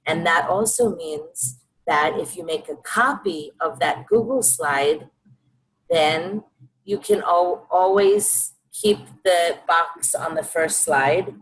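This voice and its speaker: A teacher on a video call, giving brisk instructions to a colleague during a live demo. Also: female voice, on the low side, rough recording. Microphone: computer mic on a video call.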